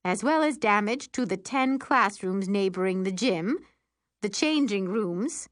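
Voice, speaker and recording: A woman voicing a stern female school principal making formal announcements, measured and deliberate. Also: mid-range voice, expressive, dry recording, studio quality, voice pushed up, lightly acted. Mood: announcing.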